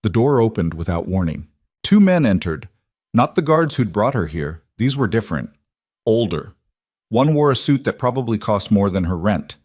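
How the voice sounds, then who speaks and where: A man narrates a crime story in a measured, tense delivery. His voice sits low and the sound is dry and close, with no room around it. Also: big pitch swings, darkish tone, dry recording. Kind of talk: scripted dramatic narration.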